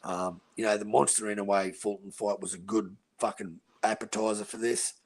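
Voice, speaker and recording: A male podcast host with an Australian accent talks boxing in a blunt, crude, profane casual chat, calling everyone "mate" a lot. His voice is lowish and level, at a normal speed.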